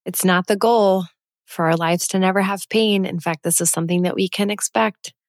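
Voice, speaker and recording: A woman's voice: mid-range voice, steady tone, normal speed, dry recording, studio quality. A woman co-hosting a podcast, speaking in a reflective, reassuring way. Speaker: podcast co-host. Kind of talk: casual podcast conversation and outro.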